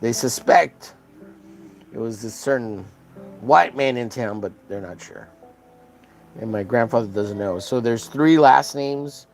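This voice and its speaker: A man's voice: medium pitch, unhurried, long pauses, faint music behind, rough recording. A man from Texas with an American accent, chatting casually and rambling with crude jokes while drawing on a stream.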